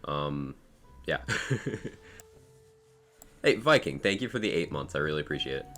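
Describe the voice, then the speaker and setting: A man's voice: very deep voice, very animated, normal speed, a bit bright, soft background music. A man streaming a game live, chatting casually with viewers and thanking them, in a groggy, tired morning voice. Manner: reads out viewer names and thanks them, laid-back and chatty. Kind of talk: casual live-stream chat while gaming.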